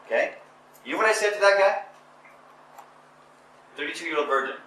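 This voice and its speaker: A man giving a live motivational talk to an audience, emphatic and repetitive, building to forceful exhortation. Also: a little high, lively intonation, normal speed. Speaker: motivational speaker. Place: indoor conference or seminar room. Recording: echoey room, voice picked up from a distance with faint noise.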